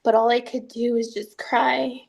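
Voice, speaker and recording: A woman recounting painful family events as an interviewee in a documentary, speaking earnestly with halting restarts. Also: fairly high pitch, little pitch movement, gravelly, a little mellow. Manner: earnest, halting first-person retelling with restarts. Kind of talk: documentary testimony.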